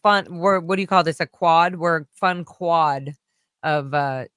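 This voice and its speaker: A woman's voice: fairly low pitch, a little slow, smooth, no echo, clean studio sound. A woman from California telling a long story in casual chat, rambling with many fillers and acting out the other people's voices. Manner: rambling, animated, full of fillers, acts out voices.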